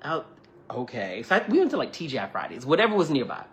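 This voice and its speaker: A livestream host with a medium-pitched voice talks fast as he tells viewers a personal story, chatty and animated. He acts out quoted dialogue, thanks people between lines, and peppers his speech with "like" and "you know".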